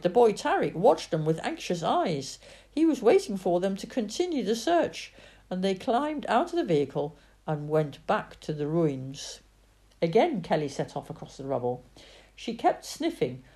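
A woman reading a children's story aloud in an expressive, dramatic way. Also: fairly low pitch. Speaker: narrator.

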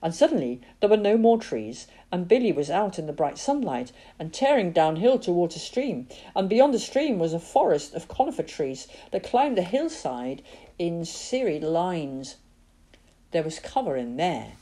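A husky, expressive woman narrating a story. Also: on the low side, moderate pace. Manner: expressive, dramatic reading.

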